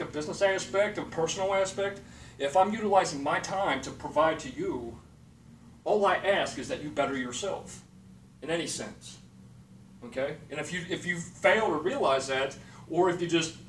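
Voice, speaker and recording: Man, high voice, blunt and profane motivational rant, recorded from a distance with a faint hiss behind. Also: a bit bright. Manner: blunt, profane, repeats "okay" and "period". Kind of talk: motivational monologue. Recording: echoey room, distant mic, faint noise.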